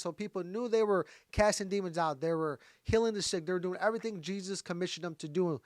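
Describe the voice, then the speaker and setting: Male Bible teacher, conversational sermon delivery, upper-pitched, dry recording. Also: dry recording. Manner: conversational, talks straight to viewers.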